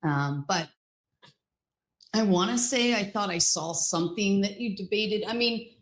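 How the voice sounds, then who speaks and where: A woman's voice: medium pitch, a little slow, rough recording. A woman talking casually in a rambling, teasing way with many fillers. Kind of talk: casual chat.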